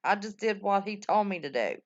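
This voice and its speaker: Older lady rambling to her stream chat, pitch all over the place, kinda dull muffled sound. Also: lively intonation, brisk. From West Virginia. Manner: folksy, talkative, exclamatory. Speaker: livestream host. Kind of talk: casual chat with live viewers.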